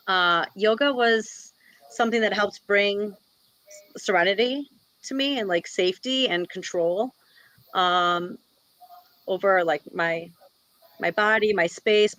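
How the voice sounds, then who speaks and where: Woman martial arts coach, relaxed chatty guest, lots of fillers, dry close mic. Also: on the low side, no echo, rough recording. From Wisconsin, US. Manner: chatty, many "like" and "you know" fillers. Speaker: guest, jiu-jitsu black belt and instructor. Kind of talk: casual interview talk.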